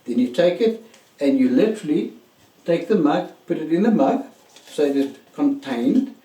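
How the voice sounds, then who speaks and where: A man's voice: on the high side, big pitch swings, normal speed, dark tone, recorded from a distance. A man giving an emphatic motivational relationship lesson, speaking directly to his listeners. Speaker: relationship coach. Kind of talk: motivational teaching talk. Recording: roomy echo, mic set back.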